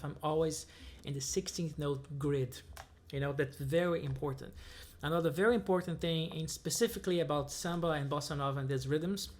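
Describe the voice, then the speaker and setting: A man who speaks as his gives a casual music lesson, counting beats aloud between guitar examples. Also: fairly high pitch. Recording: guitar playing heard loudly.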